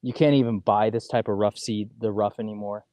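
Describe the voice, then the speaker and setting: A man's voice: on the low side, fairly even intonation, a little fast, warm tone, no room sound. A man co-hosting a golf livestream, casually chatting and explaining course details while playing outdoors.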